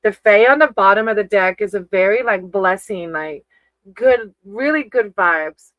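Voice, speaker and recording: A woman's voice: mid-range voice, unhurried, dry recording, dull audio. A woman giving casual live-stream tarot readings, chatty and affectionate, calling her viewers sweetie and baby. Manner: chatty, reads names off a list.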